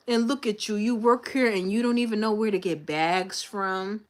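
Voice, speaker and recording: A woman's voice: medium pitch, a little fast, few pauses. A young woman chatting casually on a livestream, telling a story and acting out her coworkers and her manager. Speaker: livestream host. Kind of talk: casual livestream chat with viewers.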